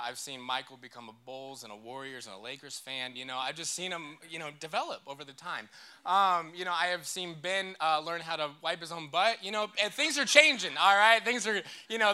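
A man's voice: sits high, sharp tone, clear, resonant tone. A young man giving a casual, joking sermon in church and leading the crowd in call-and-response. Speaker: church speaker.

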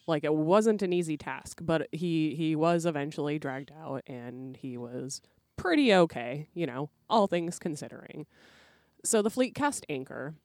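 A woman's voice: low voice, a little mellow, no echo, studio quality. A woman podcast co-host telling a folklore tale in a casual, laid-back way. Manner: laid-back, conversational, uses "like" and "dude". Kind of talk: casual storytelling.

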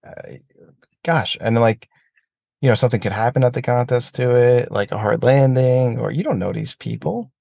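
A man's voice: mid-range voice, normal speed, gravelly, no room sound. A man talking casually about aerobatic flying, swearing freely and ranting when heated. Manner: profane, animated rants. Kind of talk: casual chat.

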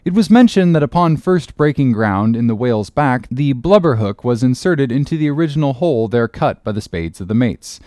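Expressive male audiobook narrator. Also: mid-range voice, no room sound, studio quality. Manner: measured, expressive storytelling. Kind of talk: audiobook reading of a classic novel.

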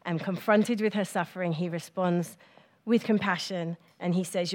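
Gentle woman giving a sermon. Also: lowish voice, fairly even intonation. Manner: gentle, personal, with soft pauses and fillers. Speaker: speaker giving a church talk. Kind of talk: reflective sermon talk.

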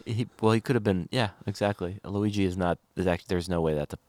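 A man's voice: low-pitched, fairly quick, a little mellow, no room sound. A man chatting casually as a podcast co-host, laid-back and joking, sometimes trailing into mumbles. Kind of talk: casual chat.

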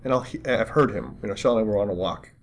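Casting: male podcast host, quick rambling storyteller, low voice, faint room hum behind. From Los Angeles area. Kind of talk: casual chat.

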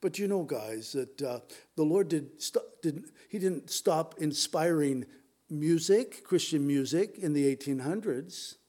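A man's voice: on the high side, lively intonation, a little slow, darkish tone. A middle-aged man preaching a sermon in a conversational way, often restarting and talking straight to his congregation. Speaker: pastor.

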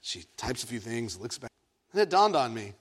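A man from Egypt preaching a sermon, telling a story in an animated, playful way with self-mocking asides. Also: mid-range voice, normal speed, husky. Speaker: pastor.

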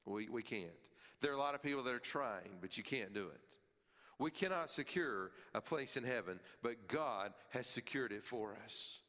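A man preaching a sermon as pastor, emphatic, repeating key phrases and rising in pitch and force as he drives a point home. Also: expressive, moderate pace, pushed and bright, long reverb tail.

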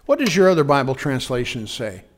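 A man's voice: medium pitch, very animated, a little fast. A man in his sixties preaching a conversational sermon, folksy, telling personal stories and asking the congregation questions. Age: 60s. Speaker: pastor.

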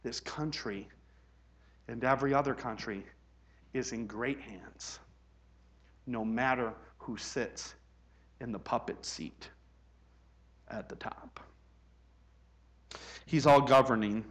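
A man from the United States preaching a sermon in a conversational way, rising to loud, emphatic peaks. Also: medium pitch, slow pace, pauses often. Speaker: pastor.

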